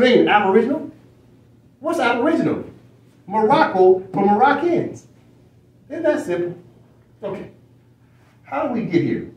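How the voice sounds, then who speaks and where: A high-voiced man lecturing as he reads from a screen. He presses his points with repeated phrases and rhetorical questions. He sounds a little off mic in an echoey room. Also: far from the mic. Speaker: study session teacher. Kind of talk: lecturing while reading from a screen.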